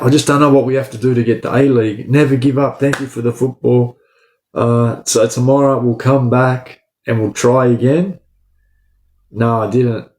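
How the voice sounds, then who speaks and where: Australian male streamer, casual slang, answers chat in an echoey room. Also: medium pitch. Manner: relaxed slangy chat to viewers. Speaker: livestream host. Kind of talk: casual live chat reading comments.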